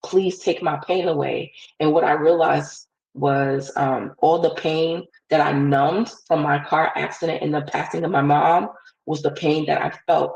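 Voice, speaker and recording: A woman's voice: low voice, level tone, a little slow, vocal fry, darkish tone, poor audio. A woman as a podcast guest, telling a personal story in an earnest, casual way, full of "like" fillers. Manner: earnest, heavy use of "like" fillers.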